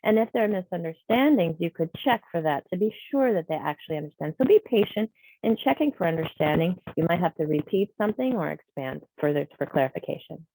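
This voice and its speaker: Low-voiced woman interpreting a training. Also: expressive, a little fast, warm tone, low-quality recording. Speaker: sign language interpreter voicing a deaf trainer. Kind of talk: live spoken interpretation of a training session. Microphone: video call.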